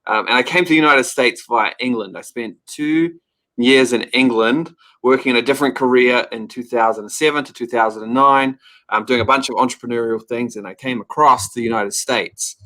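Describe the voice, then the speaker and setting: A man's voice: mid-range voice, brisk, bright, forceful tone. Upbeat New Zealand man telling stories. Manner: upbeat, joking, storytelling. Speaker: guest. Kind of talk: casual interview chat.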